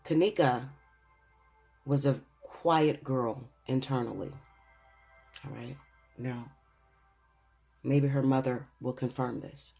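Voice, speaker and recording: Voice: mid-range voice, steady tone, slow, gravelly, long pauses, darkish tone, slightly rough, faint music behind. A tarot reader giving an earnest spiritual reading and speaking straight to viewers, emotional and fighting back tears at times. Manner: earnest, addresses viewers directly.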